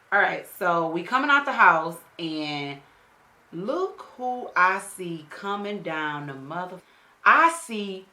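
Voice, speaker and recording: Low-voiced woman telling a story, echoey room. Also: pushed and bright. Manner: casual, slangy, profane storytelling; talks straight to the viewer with frequent check-ins. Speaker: beauty vlogger. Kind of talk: storytelling during a makeup tutorial.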